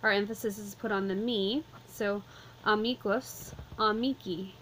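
A woman walking through a vocabulary lesson, explaining calmly and methodically, step by step. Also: medium pitch, moderate pace, a little hiss or hum, poor audio. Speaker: Latin teacher.

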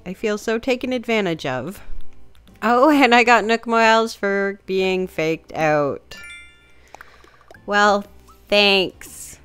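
A woman's voice: medium pitch, slow, long pauses, a bit bright, clean tone, soft background music. A young woman giving casual, upbeat commentary while she plays, thinking aloud as she decorates. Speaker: gameplay video creator.

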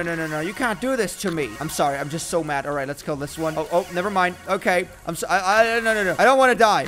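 An excitable man with a high, bright-toned voice gives playful let's-play commentary, swinging between groans, boasts and trash talk. Faint music runs underneath. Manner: excitable, jokey, trash-talking. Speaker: gaming YouTuber.

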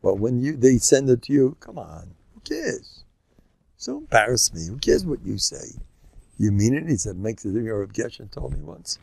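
Gravelly older man giving a lively lecture. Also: normal speed, dry recording. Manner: animated, jumps into high-pitched mock dialogue. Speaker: rabbi. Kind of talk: Torah lecture.

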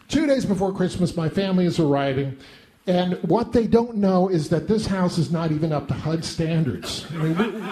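A middle-aged man telling a self-deprecating comic monologue in an animated way. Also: high-pitched. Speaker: storyteller.

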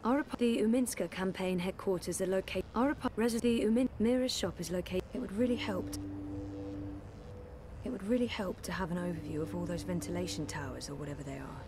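A woman's voice: mid-range voice, fairly quick, noisy background, natural voice. A woman voicing a wary young adventurer in a game, polite and hesitant.

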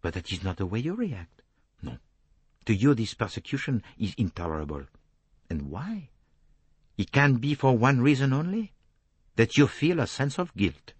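A man reading an audiobook voices a fastidious middle-aged Belgian detective, precise and courteously relentless. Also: medium pitch, big pitch swings, breathy edge, dry recording, pitched above the performer's own voice. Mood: probing.

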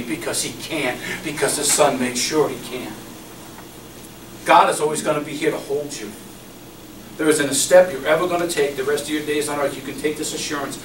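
A man preaching a sermon as a pastor, passionate, swinging between loud emphasis and hushed repetition. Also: mid-range voice. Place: church hall. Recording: echoey room recorded from far off with background noise.

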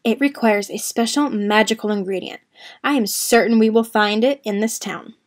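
A woman's voice: fairly high pitch, normal speed, lightly acted. A woman voicing a clever, cheerful male traveling cook with a showy, coaxing, sing-song delivery in a children's story.

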